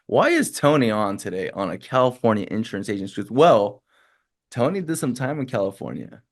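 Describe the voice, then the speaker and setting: A man's voice: fairly low pitch, sing-song, a little fast. A man hosting a casual podcast, speaking in a friendly, rambling way with frequent restarts. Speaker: podcast host.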